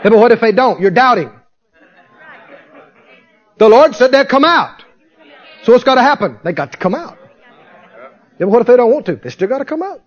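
A man's voice: very high-pitched, very animated, fairly quick, long pauses, some chatter behind. A man preaching a fervent sermon, firing rhetorical questions at his congregation and answering them himself. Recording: dull lo-fi sermon recording.

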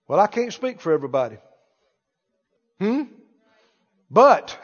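A man's voice: high voice, very animated, a little slow, pauses often, breathy edge, in a large hall, highs cut off. A man preaching a sermon with emphasis, repeating phrases and acting out imagined speakers.

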